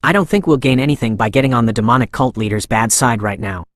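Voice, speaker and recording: A man voicing a cautious male sword master who speaks in a guarded, measured way, read in a recap narration in a dry recording. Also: mid-range voice, no echo, natural voice.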